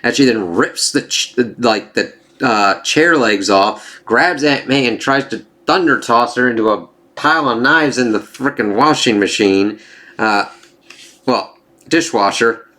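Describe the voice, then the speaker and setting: A man's voice: mid-range voice, measured pace, bright, forceful tone. A man giving a casual spoiler review of a comic. He swears freely, rambles and corrects himself, and reads the dialogue aloud in livelier voices.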